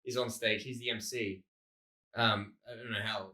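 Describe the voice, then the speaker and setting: A man's voice: lowish voice, steady tone, moderate pace, sharp tone. An Australian man co-hosting a casual podcast, a rambling storyteller who swears freely and acts out what people said. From Melbourne, Australia. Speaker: podcast co-host, comedian.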